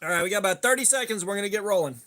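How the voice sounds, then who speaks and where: A man's voice: sits high, lively intonation, racing, sharp tone. A man hosting a casual live stream, greeting viewers by name and rambling chattily between topics. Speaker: livestream host.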